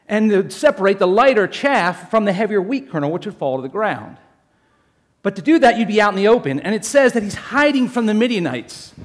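A male pastor with a fairly high voice delivers a sermon in an animated, storytelling manner. He jokes with his listeners and calls them folks as he moves through the passage. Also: fairly quick. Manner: animated, jokey storytelling addressing the congregation as folks.

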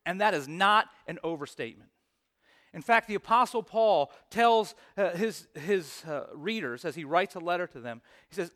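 A man's voice: high-pitched, expressive, moderate pace, fairly bright tone. A man preaching a sermon as pastor, reading scripture, praying and telling stories in an earnest, emphatic way.

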